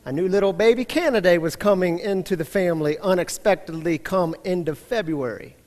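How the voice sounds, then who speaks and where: High-voiced pastor telling a story in church. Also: male voice, brisk. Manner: animated, chatty storytelling, speaks to the congregation directly. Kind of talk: storytelling sermon. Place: church sanctuary. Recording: long hall reverb in a church.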